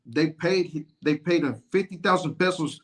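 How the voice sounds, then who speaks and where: A man's voice: fairly high pitch, normal speed. A man in a casual talk show who speaks fervently, repeating lines for emphasis like a preacher. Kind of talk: preaching-style casual chat.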